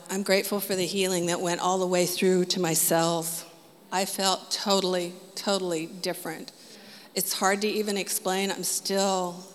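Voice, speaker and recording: Woman sharing her testimony, lively storytelling, laughs often, heard in a reverberant hall. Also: mid-range voice. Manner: animated, laughs often, quotes Jesus and others in her telling. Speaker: testimony speaker. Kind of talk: personal testimony, casual storytelling.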